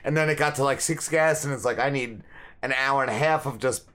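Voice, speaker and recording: A man's voice: mid-range voice, brisk, a loud crowd. A man from New Jersey co-hosting a podcast, talking casually with lots of fillers. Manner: easygoing, filler-heavy. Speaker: podcast co-host.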